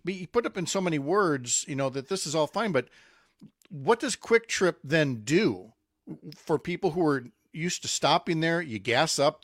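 A man's voice: mid-range voice, a bit bright, no room sound, studio quality. A man hosting a radio show, chatting casually with frequent fillers and laughing asides.

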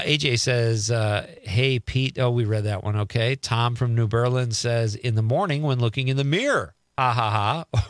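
A man's voice: medium pitch, a bit bright, dry recording, studio quality. A middle-aged man hosting a radio show, chatting casually as he reads listener texts aloud and riffs on each one.

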